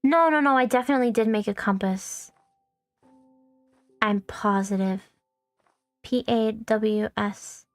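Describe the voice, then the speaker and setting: In a dry recording with faint background music, a young woman streams a video game as a VTuber, rambling, swearing freely and joking at her own expense. She speaks slowly at a medium pitch with fairly even intonation and long pauses.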